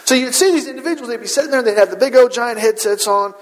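Male pastor, sermon delivery, higher-pitched, emphatic and questioning, recorded in a church with a long echo. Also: fast talker. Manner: earnest, rhetorical questions, emphatic repetition. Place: church sanctuary. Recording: long hall reverb.

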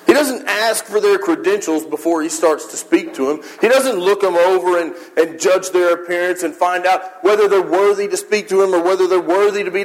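A man's voice: high-pitched, poor audio. A man preaching a sermon in church, earnest and conversational, acting out little voices as he retells a scene.

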